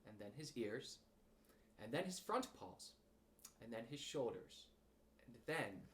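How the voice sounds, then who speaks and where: Animated man reading a storybook. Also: medium pitch, slow, slight background noise. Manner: animated, expressive. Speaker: audiobook reader.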